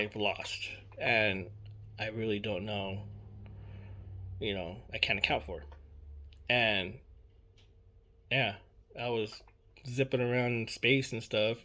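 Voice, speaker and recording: A young man recounts a personal experience in a casual spoken account, rambling and repeating himself with plenty of fillers and swearing. His voice is mid-range and a bit bright.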